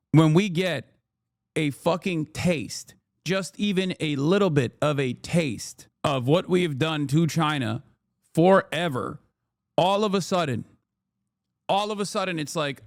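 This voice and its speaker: A man's voice: a little high, no echo, studio quality. A man giving casual live-stream commentary, ranting sarcastically and swearing as he reacts to the news. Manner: ranting, sarcastic, profane, repeats phrases.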